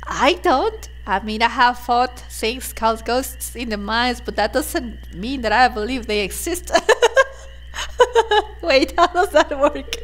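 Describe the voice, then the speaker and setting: A woman's voice: a little high, expressive, slow pace, a bit bright. A woman hosting a let's play, chatting casually and giggling and gushing as she comments on the game. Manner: giggly and gushing, laughs often. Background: faint game music.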